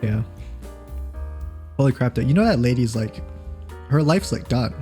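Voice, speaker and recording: Rambling young man, mid-pitched voice. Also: animated, moderate pace, mellow, soft background music. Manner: rambling, restarts sentences, many fillers. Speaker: podcast co-host. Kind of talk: casual chat.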